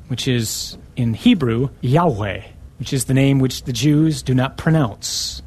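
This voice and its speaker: A man preaching a sermon, emphatic and punching key words with sudden rises in pitch. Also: measured pace, a little mellow, slightly rough.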